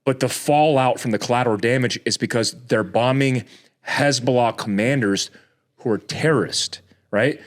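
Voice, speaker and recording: A man talking as a podcast guest in casual chat, ranting heatedly, often restarting his words and jumping up in pitch when exasperated. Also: normal speed. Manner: frequent restarts and repeated words.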